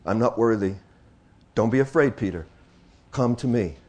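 In a mid-range voice, a man gives a sermon to his congregation. He slows to a hush at times, then builds into loud, excited exclamations, and repeats phrases for emphasis.

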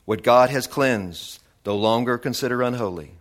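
A man intoning the slow, solemn voice of God. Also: medium pitch, lightly acted. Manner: slow, drawn-out, repeated intoning. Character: voice of God from heaven, solemn and commanding.

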